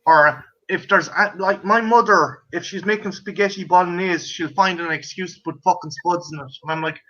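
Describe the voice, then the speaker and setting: An Irish man with a high, bright voice swears his way through lively stories in casual chat. The audio is dull and lo-fi. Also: normal speed. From Ireland. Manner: profane, animated storytelling. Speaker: co-host.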